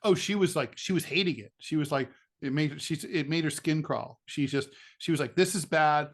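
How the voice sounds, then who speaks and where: A man's voice: on the high side, fairly quick, breathy edge. Sardonic, chatty man co-hosting a podcast. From United States. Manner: chatty and sardonic, with many fillers and restarts. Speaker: podcast co-host, political cartoonist. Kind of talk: casual political chat.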